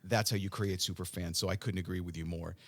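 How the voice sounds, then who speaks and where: A middle-aged man hosting an interview, effusive and animated, fond of flowery words. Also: low-pitched, fast, gravelly, dry recording. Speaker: host, coach. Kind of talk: casual interview chat.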